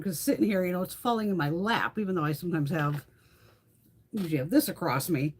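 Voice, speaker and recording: A woman's voice: fairly low pitch, quick pace, slightly rough. A middle-aged woman hosting a beauty livestream, chatting casually with viewers, laughing often and swearing freely.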